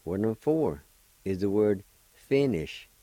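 A man hosting a radio language lesson, spelling and pronouncing each word slowly and patiently, repeating it several times. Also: on the low side, very animated, warm tone, no room sound, rough recording. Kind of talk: slow spelling and pronunciation lesson.

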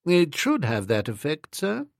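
A man voicing an unflappable male valet who speaks quietly, slowly and formally. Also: on the high side, huge pitch swings, gravelly, no echo, studio quality, full character voice. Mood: composed. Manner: quiet, measured, slow and formal.

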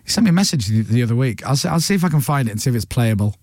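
A man hosting a radio breakfast show, telling stories in a chatty, animated way into a studio microphone. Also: medium pitch, dry recording. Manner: chatty storyteller, quick and animated. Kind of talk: casual studio chat.

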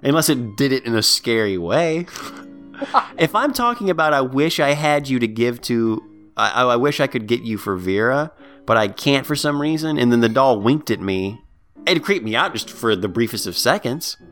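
A man co-hosts a casual podcast and recaps a film with animated, swooping delivery. He jumps into squeaky put-on voices for the characters. Faint music plays underneath. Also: normal speed. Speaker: podcast co-host. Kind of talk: casual movie recap chat.

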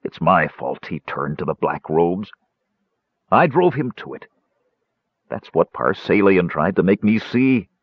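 A surly, washed-up fantasy warrior, voiced by a male narrator, low and gruff, snapping out self-pitying words. The audiobook sound is dry and a bit muffled. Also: sing-song, normal speed, no room sound. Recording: dull, dry lo-fi recording.

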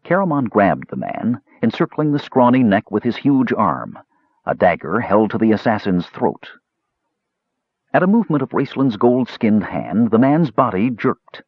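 Man narrating with a lively husky voice. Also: lowish voice, moderate pace, no room sound, lo-fi sound. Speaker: audiobook narrator. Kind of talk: scripted narration.

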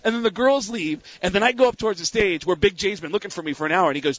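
A man with a high, husky voice tells a rambling story and throws himself into the lines of everyone in it. The sound is dry, with a dull lo-fi quality. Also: no room sound. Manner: animated, acts out the other people's lines in quick bursts. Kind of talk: casual storytelling.

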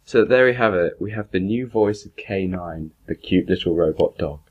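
A man hosting a casual commentary podcast, introducing a guest reader in a relaxed, chatty way. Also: sits low, normal speed, slightly rough, phone-quality sound. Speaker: podcast host.

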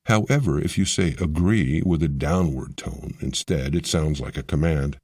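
Very deep, husky male narrator. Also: darkish tone, dry recording, clean studio sound. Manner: measured explanatory delivery. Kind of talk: scripted narration.

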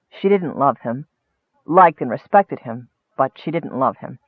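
A man narrating a fantasy audiobook in a measured, expressive way. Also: medium pitch, slightly rough, no room sound. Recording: dry, tinny, narrow-band.

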